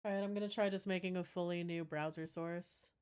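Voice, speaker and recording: A woman's voice: on the low side, fairly even intonation, a little fast, darkish tone, smooth. A woman streamer chatting casually with her viewers, swearing now and then as she fixes her audio setup. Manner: chatty, swears, talks to chat while troubleshooting. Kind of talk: casual live-stream chat.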